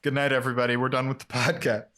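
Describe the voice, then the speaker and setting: A man's voice: medium pitch, little pitch movement, very fast, fairly bright tone. Man, podcast co-host, scene recaps, quotes characters, dry humor. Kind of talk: casual rewatch podcast chat.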